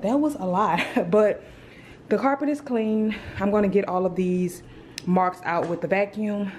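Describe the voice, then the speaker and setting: A woman's voice: mid-range voice, moderate pace, darkish tone, a little hiss or hum. A young woman chatting casually to her camera at home, calling her viewers "girl" and "y'all". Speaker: vlogger. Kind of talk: casual vlog chat to camera. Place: at home in an apartment. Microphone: camera on a tripod.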